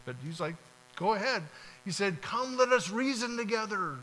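With a high voice, lively intonation, and a pushed, bright tone, a male pastor preaches at a moderate pace. His sermon is conversational, featuring acted-out short prayers and dialogues, in low-quality audio.

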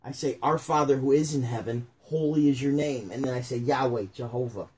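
Into a phone's front camera, a man reads a children's book during a relaxed co-hosted chat, cracking jokes, rambling, and laughing at his own mistakes. He has a mid-range, darkish voice and talks a little fast.

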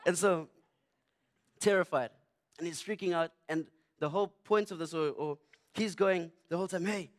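A man's voice: a little high, moderate pace, pauses often. A young man, preaching through a funny personal story. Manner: animated, humorous, self-mocking.

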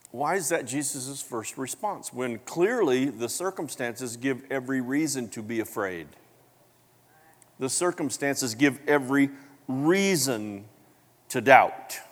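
Animated preacher in a reverberant hall. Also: male voice. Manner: animated storytelling, acting out voices with big pitch jumps. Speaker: pastor. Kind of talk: sermon.

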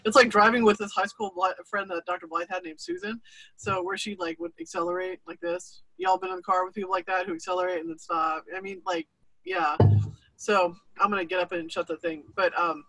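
A woman's voice: on the low side, fairly quick, rough recording. A woman chatting casually and animatedly, acting out the noises she describes. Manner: animated, imitates sounds. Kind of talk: casual chat.

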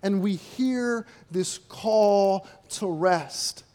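A male preacher gives a sermon very slowly in an easy, conversational style, his voice high for a man with a darkish tone. He often poses rhetorical questions and slips into acted-out quotes.

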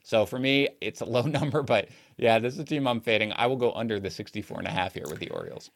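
A man's voice: fairly low pitch, quick pace, gravelly. A man co-hosting a sports betting podcast, talking casually and analytically, laughing easily between points.

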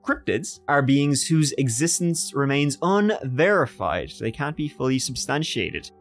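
A man's voice: medium pitch, very animated, measured pace, faint music behind. A man co-hosting a podcast, chatting casually with jokey, swearing interjections. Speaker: podcast co-host. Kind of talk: casual chat.

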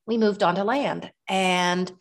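A woman in her seventies, a guest herbalist, telling long rambling stories in a relaxed interview, with many restarts. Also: medium pitch, slow. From Kentucky.

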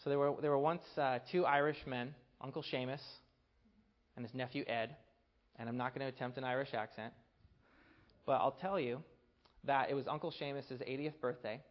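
A man preaching a sermon, earnest, building to emphatic peaks and dropping to a hushed voice to tell a story. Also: mid-range voice, steady tone, normal speed, pauses often, muffled recording.

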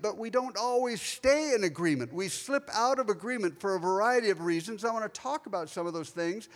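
Middle-aged male pastor, higher voice, lively sermon delivery with loud emphasis and soft asides, church hall echo. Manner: animated preaching, shifts between loud emphasis and quiet asides. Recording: long hall reverb.

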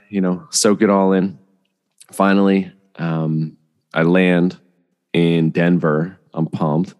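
A very deep-voiced man spinning a casual, rambling story, peppered with "you know" and "right?" asides. His voice carries a long reverb tail, as if recorded in a large, live room. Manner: chatty, rambling, many fillers and asides. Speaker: podcast host telling a travel story.

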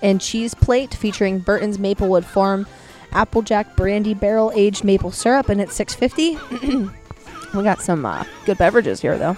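A woman's voice: medium pitch, moderate pace, a little mellow. Woman, casual co-host, reads item names carefully, outdoors, faint music behind. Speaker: podcast co-host. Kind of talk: casual chat reading a menu. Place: outdoors at home.

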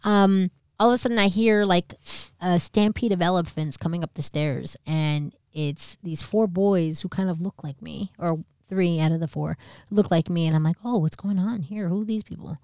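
A woman's voice: on the low side, fairly even intonation, moderate pace, darkish tone, clean tone, dry recording, clean studio sound. Candid woman telling a story. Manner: candid, swearing, acts out quoted voices. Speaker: podcast co-host. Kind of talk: casual storytelling chat.

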